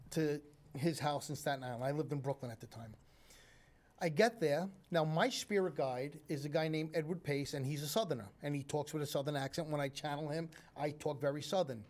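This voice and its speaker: Animated New man telling stories. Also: a little high, fairly quick. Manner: animated storyteller. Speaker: psychic medium guest. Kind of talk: round-table chat. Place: TV studio.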